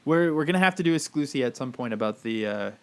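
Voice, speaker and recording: A man's voice: mid-range voice, animated, quick pace, a bit bright, clean tone. A man co-hosting a casual podcast chat, rambling with lots of fillers and reading aloud in a wry tone. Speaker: podcast co-host.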